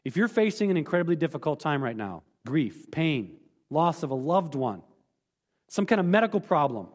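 A male pastor preaching a candid, emphatic sermon, dropping suddenly quiet for personal admissions, in a church. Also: fairly high pitch, big pitch swings, normal speed, big-room sound. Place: church sanctuary.

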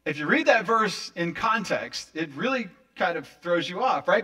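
A man preaching a sermon, with dramatic swings in loudness. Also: sits high, expressive, normal speed, few pauses, far from the mic. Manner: dramatic, acting out quoted voices with big swings in loudness. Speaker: pastor.

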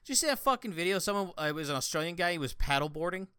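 A man co-hosting a podcast in casual chat, an animated storyteller who swears freely. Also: sits high, rapid-fire, smooth, no echo, clean studio sound. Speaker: podcast co-host.

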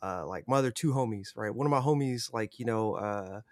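A man's voice: fairly low pitch, fairly quick, a little mellow, no echo. Rambling young man telling a story. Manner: rambling, heavy swearing and fillers. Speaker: podcast guest. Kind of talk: casual storytelling.

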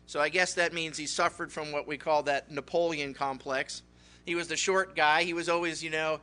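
Bright-voiced pastor, animated sermon. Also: male voice, a little high, normal speed. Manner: animated storytelling, acts out characters. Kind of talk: sermon, Bible study.

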